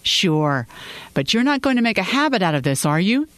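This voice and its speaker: Narrator doing teasing easygoing husband, man, raised pitch, dry sound. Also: expressive, brisk, dry recording, natural voice. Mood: gently teasing. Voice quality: gently teasing.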